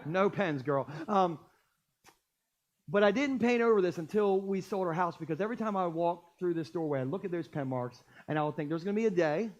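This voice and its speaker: Animated jokey pastor preaching, high voice. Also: male voice, fairly quick, muffled recording. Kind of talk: sermon. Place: church stage.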